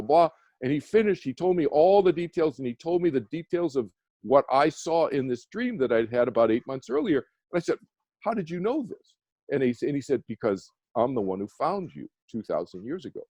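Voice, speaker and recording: A man's voice: mid-range voice, mellow, no echo. A man, a meditation teacher, telling a personal story as a radio guest, earnest and rambling with many restarts. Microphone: phone or video call.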